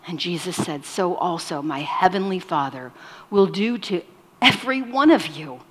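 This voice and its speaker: A woman preaching a sermon, moving between loud emphatic lines and soft whispered ones. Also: medium pitch, breathy edge. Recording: long hall reverb.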